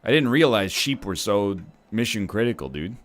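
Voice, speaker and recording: A man's voice: lowish voice, lively intonation, normal speed. A man from Canada giving casual gameplay commentary as a streamer, rambling with joking asides. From Canada (Ontario).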